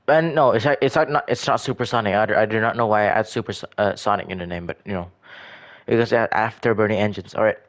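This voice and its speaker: A man giving casual, rambling commentary on his own game builds, often stumbling and restarting his sentences. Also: fairly low pitch. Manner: rambling, hesitant, frequent restarts and self-corrections. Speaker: gaming video creator.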